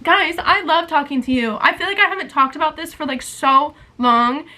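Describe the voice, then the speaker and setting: On a rough recording, this woman in her twenties talks at a moderate pace in a high, sharp voice. Her vlog is an emotional, wandering confession sprinkled with constant "like"s.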